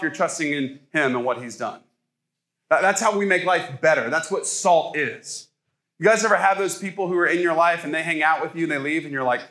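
Joking pastor preaching a casual sermon. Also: male voice, a little high, brisk, bright, forceful tone. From Ohio. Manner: conversational, joking with the congregation.

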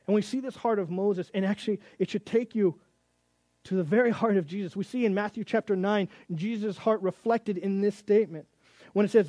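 A man giving a Bible teaching to youth in an animated, storytelling way, with casual asides. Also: high-pitched, a little fast, dry recording.

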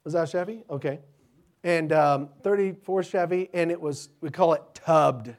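A middle-aged man, a pastor, telling stories to children in an animated, chatty way, often restarting his sentences. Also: a little high, normal speed. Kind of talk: children's sermon storytelling.

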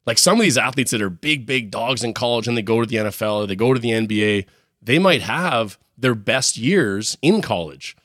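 Canadian guy co-hosting a sports podcast, mid-pitch voice, upbeat and jokey, dry close sound. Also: animated, a little fast, a bit bright, dry recording. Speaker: podcast co-host. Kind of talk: casual sports chat.

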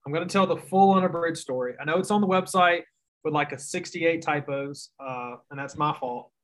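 A man's voice: a little high, fairly quick, fairly bright tone. A young man with a Southern US accent, a guest writer telling long stories in casual, self-mocking podcast chat. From Mississippi. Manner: drawling storyteller, self-mocking.

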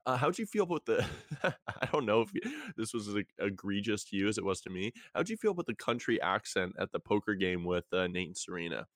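A young man talks loosely with a friend, his voice sitting low and recorded dry and close. He laughs easily and restarts his sentences as the chat runs on. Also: very animated, a little fast, few pauses, a bit bright, no echo. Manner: chatty, laughs often, trails into restarts. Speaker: podcast co-host. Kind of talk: casual chat recapping a TV show.

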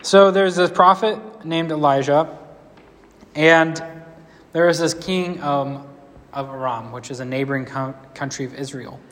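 A man preaching a casual storytelling sermon, conversational and relaxed, with playful asides. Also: fairly high pitch, unhurried, in a large hall.

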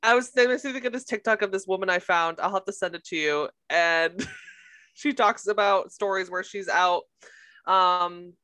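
A person with a woman's voice co-hosting a casual podcast, bantering quickly and laughing often. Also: mid-range voice, sharp tone. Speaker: podcast co-host. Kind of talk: casual chat.

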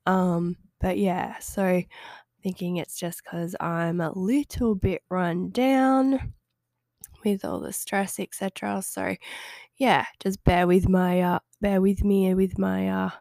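A woman's voice: mid-range voice, steady tone, slow, vocal fry, darkish tone, no room sound, clean studio sound. A woman hosting a casual solo podcast, speaking in a nasal voice with a stuffy head cold, hesitant and rambling but friendly. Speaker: podcast host and health coach.

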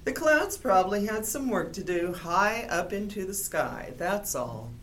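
A woman's voice: mid-range voice, expressive, a little slow, fairly bright tone, a little hiss or hum. Woman doing a sensible little storybook bird. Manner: matter-of-fact, reassuring.

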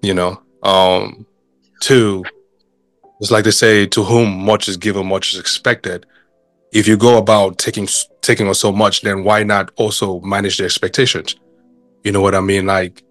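Animated man with a low voice. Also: no echo. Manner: animated, rhetorical questions, many fillers. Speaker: book club member. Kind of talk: casual discussion.

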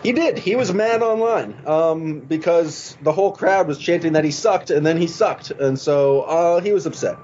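A man's voice: fairly high pitch, normal speed, hardly any pauses, a little mellow, a little hiss or hum. A man co-hosting a casual sports podcast, rambling with lots of fillers and restarts. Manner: rambling, hesitant, many fillers. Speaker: podcast co-host. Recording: muffled lo-fi audio.

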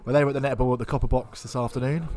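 A man's voice: medium pitch, fairly even intonation, racing, darkish tone. A middle-aged man co-hosting a podcast from a pub, rambling and joking through casual chat. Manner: rambling, joking, self-mocking. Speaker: podcast co-host.

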